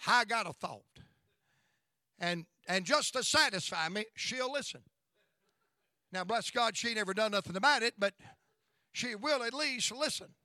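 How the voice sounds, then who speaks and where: A man's voice: sits high, sharp tone, no echo, clean studio sound. A middle-aged man preaching a revival sermon in a church, building rhythmic repeated lines and calling out to the congregation. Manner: call-and-response preaching, chanting repetition.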